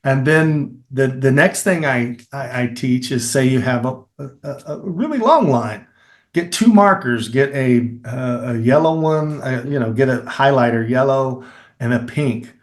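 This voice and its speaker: Middle-aged kentucky guy, filmmaker, teaching acting tricks, animated, repeats lines to show how. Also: mid-range voice, measured pace. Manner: animated, explains with demonstrations and repeated phrases. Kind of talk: conversational interview.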